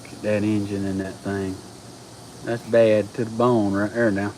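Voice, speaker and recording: A man, chatting casually with viewers on a live stream, folksy and excitable. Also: on the low side, measured pace, a little hiss or hum, low-quality recording. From Georgia, US. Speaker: livestream host.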